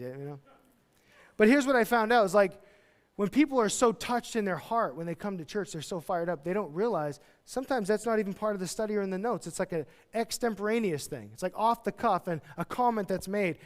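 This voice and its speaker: A man preaching a sermon as pastor, chatty and jokey, with sudden loud, excited outbursts. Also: high voice, normal speed.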